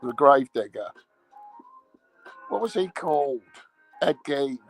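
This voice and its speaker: Gravelly sweary man ranting. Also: mid-range voice, expressive, a little slow, faint music behind, low-quality recording. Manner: rambling, sweary, mocking. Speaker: vlogger. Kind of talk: casual profane rant.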